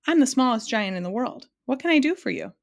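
A woman's voice: medium pitch, lively intonation, brisk, natural voice. A woman reading aloud and voicing a muddled, fussy middle-aged man in a storybook.

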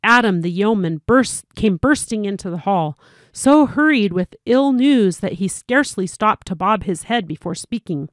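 A woman reading a storybook aloud as narrator, steady and clear, with small slips. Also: medium pitch, moderate pace, no room sound, clean studio sound.

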